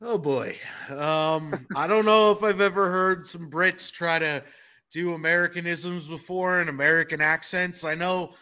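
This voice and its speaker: A man's voice: fairly high pitch, fairly even intonation, unhurried, pushed and bright. A man hosting a podcast in casual chat, wry and chatty with hesitant asides. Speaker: podcast host.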